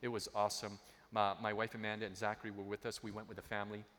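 A man's voice: lowish voice, completely flat delivery, quick pace, a bit bright. A man preaching a sermon. He tells personal stories and repeats key phrases for emphasis. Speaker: pastor. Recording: long hall reverb.

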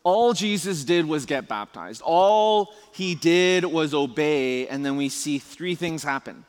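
A fairly high-voiced male preacher talking casually to his congregation, tripping over restarts and tossing out rhetorical questions. His voice rings with a long reverb through a large hall. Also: lively intonation, measured pace. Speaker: pastor. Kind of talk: conversational sermon.

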